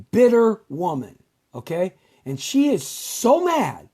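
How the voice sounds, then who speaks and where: A woman's voice: mid-range voice, warm tone, husky. A woman hosting a talk show, ranting in a sarcastic, rambling way with stammers and repeated phrases. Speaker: host. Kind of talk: political talk show rant.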